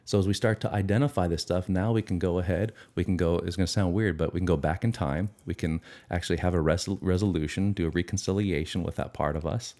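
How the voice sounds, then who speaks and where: A middle-aged man with a very low voice speaks earnestly in an interview. He reflects on his own experience and now and then acts out little inner conversations. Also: fairly even intonation, quick pace, few pauses, a little mellow. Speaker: guest, addiction recovery expert.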